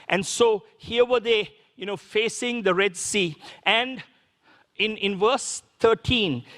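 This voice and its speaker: A man's voice: sits high, a bit bright, long reverb tail. A man preaching a sermon as a pastor, in a conversational way full of rhetorical questions. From Sri Lanka.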